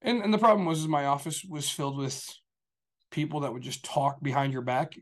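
A man's voice: a little high, fairly quick. A man talking casually on a show, telling a long story in a rambling, profane way full of fillers. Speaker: show regular. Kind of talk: casual chat.

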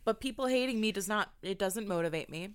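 Young woman cohosting a podcast, blunt and animated, swears a lot, dry close sound. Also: medium pitch, fast, clear, resonant tone, no echo. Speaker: podcast co-host. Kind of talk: casual chat.

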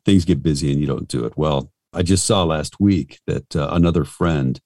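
Very deep-voiced man, rambling. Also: moderate pace, a little mellow, no room sound, studio quality. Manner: rambling, self-deprecating, frank. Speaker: voice actor. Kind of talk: casual interview talk.

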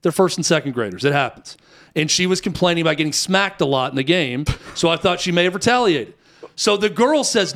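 High-voiced man telling a lively story. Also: a little fast. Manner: animated, acts out quotes with rising pitch. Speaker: youth basketball coach telling a story. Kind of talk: casual storytelling chat.

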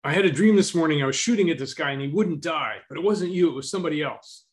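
A man's voice: mid-range voice, sing-song, normal speed, pushed and bright, voice pushed up, heavily acted. A man voicing a panicked, jumpy young gunman who talks in an agitated, insistent way. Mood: frantic.

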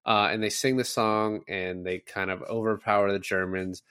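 A man's voice: fairly low pitch, little pitch movement, normal speed, fairly bright tone, clean tone, dry recording, studio quality. A man co-hosting a podcast who chats casually about a film, retelling scenes with lots of fillers. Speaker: podcast co-host. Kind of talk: casual movie discussion.

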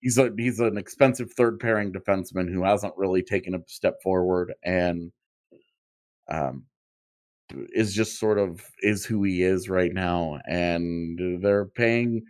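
This podcast co-host, low-pitched with a steady, darkish tone and a measured pace, discusses hockey contracts in casual sports talk. He reasons out loud, restarting frequently.

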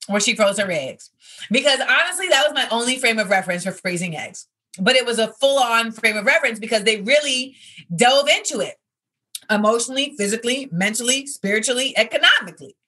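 A woman's voice: fairly high pitch, brisk, pushed and bright. A woman in her thirties, a comedian hosting a podcast, chatting casually in a rambling, conversational way. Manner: rambling, conversational, filler-heavy. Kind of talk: casual chat.

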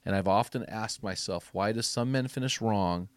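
A middle-aged man giving a preaching-style podcast talk to men as ministry speaker and host, emphatic and exhortative, rising to loud punchy bursts. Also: lowish voice, moderate pace, dry recording.

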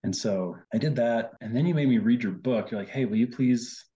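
Speaking briskly with a warm, medium-pitched voice, the host's husband appears as a guest and gives his version of a personal story. He's chatty, packs in fillers, and keeps quoting himself. The sound quality is lo-fi.

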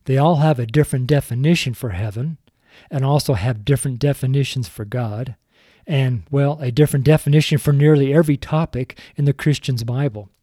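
Recorded for a sermon show, an older man who has long preached on the streets speaks into a studio mic with a warm, medium-pitched voice. He trips over words and keeps chuckling at himself in a self-deprecating way. The studio sound is clean with no echo.

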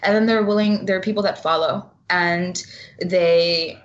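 A woman's voice: lowish voice, steady tone, moderate pace, lo-fi sound. A woman guest talking bluntly and passionately in a casual interview, swearing freely.

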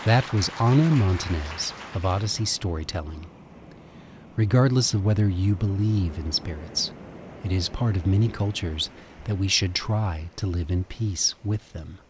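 A male radio host reads calm, measured introductions between segments. His voice is very low. The recording carries clear background noise.

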